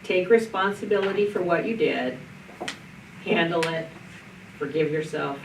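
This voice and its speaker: A woman's voice: fairly low pitch, measured pace. Folksy woman pastor telling a story. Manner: folksy, anecdotal, with restarts. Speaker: pastor leading Bible study. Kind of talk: storytelling in a group discussion. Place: church meeting room. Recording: roomy, distant mic, faint noise.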